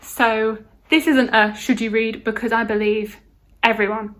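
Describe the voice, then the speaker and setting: Brit female book vlogger, gushing and chatty, slightly high voice, repeats herself for emphasis. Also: level tone, unhurried. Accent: British. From United Kingdom. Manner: gushing, enthusiastic, repeats words. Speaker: book reviewer. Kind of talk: casual book review vlog.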